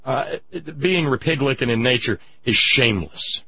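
A man giving impassioned political commentary, sarcastic and indignant, rising to shouts. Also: mid-range voice, animated, normal speed, hardly any pauses, lo-fi sound, slight background noise.

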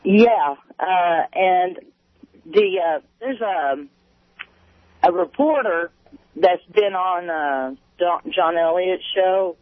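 Male caller, high voice, slow hesitant delivery, tinny phone sound. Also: no echo. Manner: slow, hesitant with many fillers. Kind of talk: call-in radio chat.

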